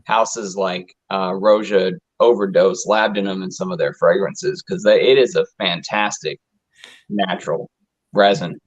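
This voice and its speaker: A man's voice: low-pitched, steady tone, measured pace, highs cut off. A man in a casual livestream chat, speaking with emphatic enthusiasm.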